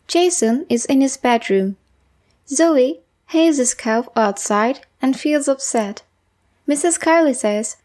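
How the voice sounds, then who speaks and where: A woman reads a simple children's story aloud, slowly and carefully, every word clearly enunciated. Her voice sits high and light, unhurried, like a lesson recording for young learners. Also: a little mellow. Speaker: narrator of a graded reader. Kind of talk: slow scripted storybook reading.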